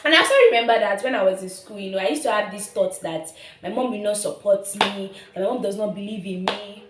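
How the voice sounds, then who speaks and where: Woman, twenties, Nigerian accent, heartfelt testimony vlog, repeats herself, medium pitch, reverberant room. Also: fast, noisy background. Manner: earnest and emotional, repeats herself, laughs often. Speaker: vlogger. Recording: roomy echo.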